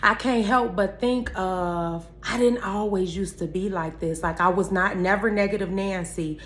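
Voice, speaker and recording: A woman's voice: medium pitch, normal speed. A woman talking candidly to her viewers about faith and positivity, emphatic and repeating her phrases like a preacher. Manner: candid, addresses viewers directly as y'all. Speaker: vlogger. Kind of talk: heartfelt faith-based motivational talk.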